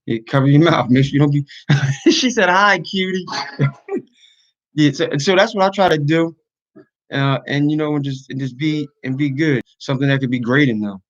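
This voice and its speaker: A man speaks earnestly to his online viewers in a casual livestream, airing his frustration. His voice sits a bit higher than most men's. The stream audio is dull and lo-fi. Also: moderate pace, long pauses. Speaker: YouTuber and podcaster.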